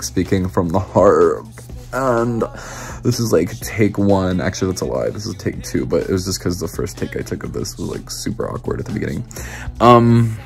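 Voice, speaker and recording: A man's voice: deep voice, vocal fry, darkish tone. A young man recording a heartfelt birthday message for a friend, rambling and self-conscious with many fillers.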